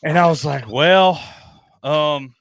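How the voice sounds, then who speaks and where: A man's voice: fairly high pitch, slow, creaky, a bit bright, a little hiss or hum. A man hosting a casual podcast chat over drinks, tipsy from whiskey and telling a rambling story with lots of laughter. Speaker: podcast host.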